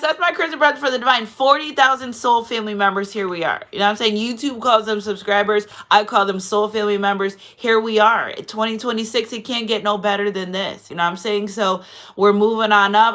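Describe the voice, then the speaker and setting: Chatty woman reading cards, bright voice. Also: medium pitch, fairly even intonation, a little fast. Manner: chatty and digressive, often asks "you know what I'm saying"; effusive and emotional when thanking viewers. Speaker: tarot card reader and channel host. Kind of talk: casual spiritual card reading to camera.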